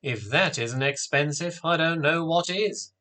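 A man's voice: a little high, a little slow, bright, forceful tone, voice pushed up. A man voicing a playful father who teases his family and makes a ceremonious introduction. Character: cheerful middle-aged father with a secret.

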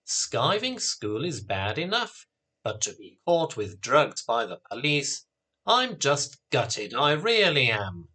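A man's voice: mid-range voice, wildly swooping pitch, slow, bright, forceful tone, slightly rough, heavily acted. A man doing a fed-up mum. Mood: scolding. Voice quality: blunt, exasperated scolding. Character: angry worried British mother.

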